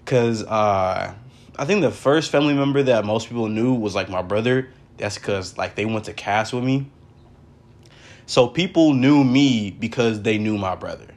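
A young man hosts a casual solo podcast from his brother's house, rambling along and packing his talk with fillers like "like" and "for real." His voice sits on the low side, and he keeps a moderate pace.

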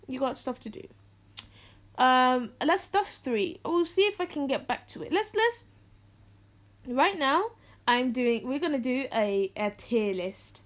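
A woman's voice: sits high, normal speed. A teenage girl from England, hosting a podcast in casual solo chat, joking and acting out quotes. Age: teens. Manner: animated, jokey, acts out quotes. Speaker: podcast host.

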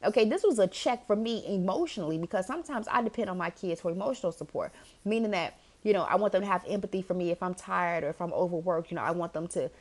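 Emphatic woman podcaster, lowish voice. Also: fast. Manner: animated and emphatic, swears, addresses listener as "girl". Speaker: podcast host. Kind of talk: casual storytelling monologue.

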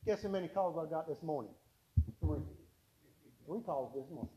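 A high-pitched man preaches a sermon. His tone is mellow and warm, and he tells homespun stories, circling back to repeat key points with emphasis. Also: normal speed, pauses often, rough recording. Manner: folksy storytelling with emphatic repetition.

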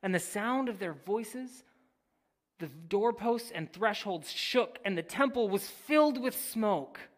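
An unhurried preacher reads a passage aloud and explains it. The delivery swings between ringing declarations and soft, almost whispered lines. Casual asides keep it conversational, all at an ordinary middle pitch. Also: animated. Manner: dramatic swings from loud to hushed, near-whispered phrases; casual, addresses listeners as "guys". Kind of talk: sermon with Bible reading and teaching.

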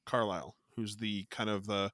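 A man's voice: lowish voice, steady tone, normal speed, fairly bright tone, no room sound, studio quality. A man co-hosting a casual horror podcast, rambling with many restarts and casual swearing. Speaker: podcast co-host. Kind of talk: casual chat.

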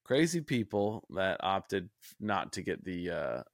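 A man's voice: low-pitched, big pitch swings, unhurried, vocal fry, dry recording, studio quality. A man in his thirties chatting casually as a podcast co-host in an easygoing way. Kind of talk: casual chat.

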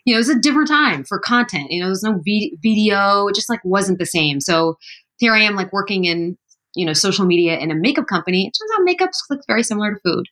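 A woman's voice: mid-range voice, expressive, fast, a bit bright. A woman in her thirties, a podcast guest talking in a chatty, upbeat way with lots of "like" and "you know". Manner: chatty, upbeat, heavy use of "like". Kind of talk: casual interview chat.

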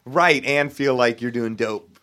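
A man's voice: mid-range voice, unhurried, slight background noise. Laid-back rambling man, podcast chat. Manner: relaxed, rambling, heavy use of filler words. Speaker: podcast co-host. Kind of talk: casual chat.

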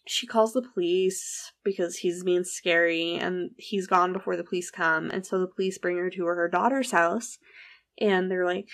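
Woman host telling a crime story, lots of fry, chatty and loose. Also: on the low side, fairly even intonation, moderate pace. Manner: chatty, recounts events with frequent "like" and quoted dialogue. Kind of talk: casual true-crime storytelling.

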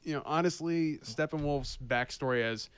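A man co-hosting a podcast in casual chat, animated and often restarting his sentences. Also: fairly high pitch, normal speed, smooth, dry recording. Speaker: podcast co-host.

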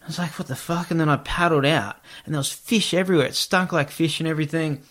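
A young man telling a story in a relaxed, swear-heavy podcast chat, full of fillers. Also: a little high, quick pace. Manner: laid-back, swears freely, lots of fillers.

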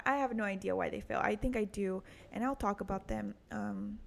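Speaking in a creaky, mid-range voice, this young adult woman runs a solo podcast. Her casual monologue is crude and self-deprecating, full of swearing and laughter at her own jokes.

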